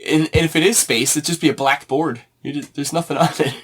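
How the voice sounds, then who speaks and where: A man co-hosting a podcast in casual chat, reacting quickly and laughing easily. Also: on the high side, steady tone, breathy edge. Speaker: podcast co-host.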